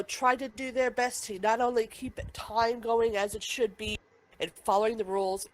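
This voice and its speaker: A woman's voice: a little high, fairly bright tone, rough recording. A woman co-hosting a casual review podcast, talking heatedly, swearing freely and firing off objections. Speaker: podcast co-host. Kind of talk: casual chat, episode review.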